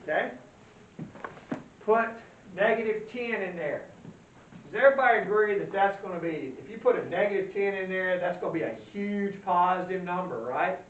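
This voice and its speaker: A man's voice: sits high, moderate pace. A male math teacher giving a classroom lecture in a folksy way, quizzing the class and answering his own questions. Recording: roomy, distant, dull lo-fi sound with faint hiss.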